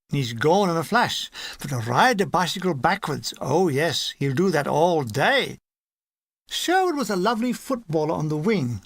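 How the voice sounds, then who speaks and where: A man reading a war memoir aloud as an audiobook narrator, lively and animated, slipping into character voices. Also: high-pitched, dry recording. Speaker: audiobook reader.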